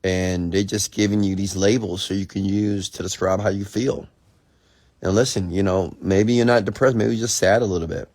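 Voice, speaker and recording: A man's voice: low-pitched, fairly even intonation, moderate pace, a little mellow, dry recording, clean studio sound. A man giving a blunt, profane motivational rant late at night, preaching at his viewers. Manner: mimics whiny voices mockingly. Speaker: entrepreneur and mentor.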